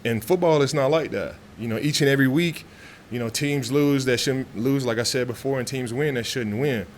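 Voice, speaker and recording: A man's voice: mid-range voice, moderate pace, a little hiss or hum. A man, answering reporters' questions in a loose, chatty way, full of fillers and restarts. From Texas. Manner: relaxed, talkative, frequent fillers and restarts. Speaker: football player at press conference. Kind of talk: casual press interview. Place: media room after practice.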